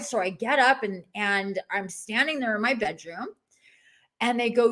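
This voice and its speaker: A woman in her forties, appearing as a podcast guest, tells a personal story in a casual, expressive way, acting out the voices she heard. Her pitch is fairly high and her pace moderate.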